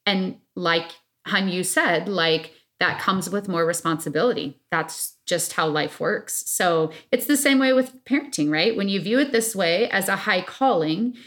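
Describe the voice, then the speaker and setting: A woman co-hosting a casual podcast chat, talking earnestly and with emphasis, often pausing on fillers. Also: lowish voice, fairly bright tone. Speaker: podcast co-host.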